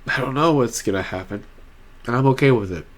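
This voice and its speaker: A man's voice: medium pitch, fairly quick. A young man talking to camera in a personal vlog, rambling and restarting often, earnest and emotional. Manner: earnest and heartfelt. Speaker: vlogger.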